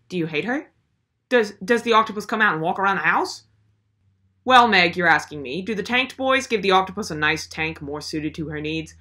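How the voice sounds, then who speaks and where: A woman's voice: medium pitch, animated, fairly quick, bright, forceful tone, highs cut off. A young woman hosting a comedic commentary video, ranting in a sarcastic, exasperated way. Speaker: video host.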